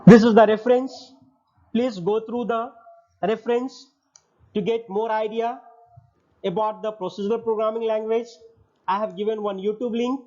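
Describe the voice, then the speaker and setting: A man's voice: sits high, fairly even intonation, normal speed, pauses often, dark tone. A male lecturer reading his slide points and then restating them in a recorded online lesson. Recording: dull lo-fi audio.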